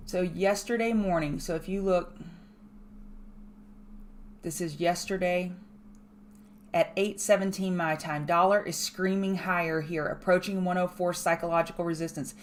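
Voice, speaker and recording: A woman hosting a live trading show, walking viewers through charts in a brisk, emphatic way with chatty asides. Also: lowish voice, fairly even intonation, slight background noise. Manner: brisk, emphatic, repeats key points. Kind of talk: live market chart analysis.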